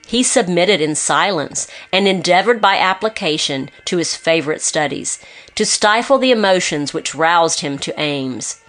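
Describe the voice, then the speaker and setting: A woman with a somewhat low voice reads an old gothic novel aloud. Her delivery is measured and expressive, lifting for emphasis on dramatic moments. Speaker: audiobook narrator. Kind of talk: scripted narration of a gothic novel.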